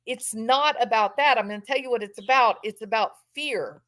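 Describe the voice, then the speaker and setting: A woman's voice: fairly high pitch, normal speed, fairly bright tone. A woman giving impassioned true-crime commentary from home, repeating phrases for emphasis and mock-quoting others.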